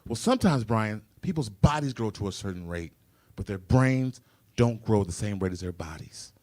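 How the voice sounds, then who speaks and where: A man voicing a patient, gentle mother who explains things calmly and sweetly to her small son in a stand-up story. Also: on the low side, moderate pace, close to an everyday voice. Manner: soft, calm and sweet.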